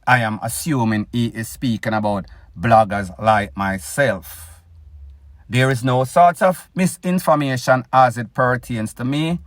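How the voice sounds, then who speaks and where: A man's voice: mid-range voice, unhurried, no room sound, clean studio sound. A man with a Jamaican accent hosting his own news commentary show, opinionated and addressing his listeners directly. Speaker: news blogger host.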